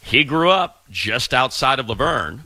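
A man's voice: medium pitch, lively intonation, a little slow, bright, forceful tone, dry recording. A man co-hosting a sports radio show, answering jokes with a matter-of-fact, dry delivery. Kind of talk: casual sports talk banter.

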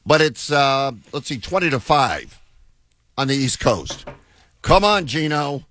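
A man's voice: mid-range voice, very animated, unhurried, fairly bright tone. A man hosting a sports talk radio show, taking calls and bantering with his co-host.

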